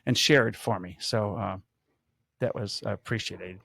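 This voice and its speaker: A man's voice: on the low side, a little slow, vocal fry, dry recording. A man, a police officer casually telling stories and acting out the quotes. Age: 50s. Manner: animated storyteller, acts out quotes. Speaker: podcast host, police officer. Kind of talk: casual storytelling chat.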